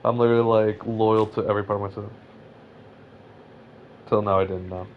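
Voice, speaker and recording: A young man from California with a lowish voice rambles through casual game chat, tripping over his words and poking fun at himself. The sound is a little dull and lo-fi, with a faint hiss behind it. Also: a little fast. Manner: rambling, self-mocking, stammers when excited. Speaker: Minecraft player.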